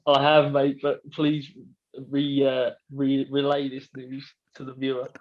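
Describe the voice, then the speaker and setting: Man, podcast guest, joking and swearing banter, mid pitch, dull remote line. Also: monotone, unhurried. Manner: banter with swearing and mocking put-on voices. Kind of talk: casual chat.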